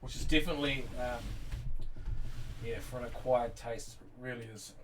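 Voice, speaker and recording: Middle-aged New Zealand-accented male streamer, teasing and rambling, mid pitch, distant mic with light background hiss. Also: steady tone, normal speed. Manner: rambling, teasing, lots of fillers. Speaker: livestream host. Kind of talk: casual livestream chat. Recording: distant mic with faint noise.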